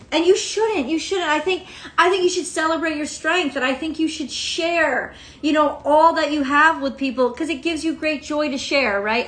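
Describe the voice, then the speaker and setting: A woman with a high voice gives a casual daily tarot reading. She rambles, swears freely and laughs as she goes. The sound is roomy, with a clear echo around her. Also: fairly bright tone. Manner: rambling, profane, laughs often. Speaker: tarot reader.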